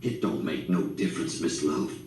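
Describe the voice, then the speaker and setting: A man voicing a hoarse, gruff older grandfather who speaks low and slow. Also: fairly even intonation, a little mellow. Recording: roomy, distant mic, faint background noise.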